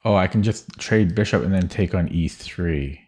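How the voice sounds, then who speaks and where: A man's voice: sits low, moderate pace, darkish tone, husky. A young man streaming chess, thinking aloud in a hesitant, muttering way with frequent self-corrections. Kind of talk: thinking aloud while solving puzzles.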